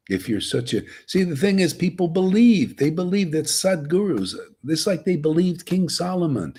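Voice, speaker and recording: A man's voice: fairly high pitch, a little mellow, slightly rough. A man giving a rambling, casual devotional talk as a spiritual teacher.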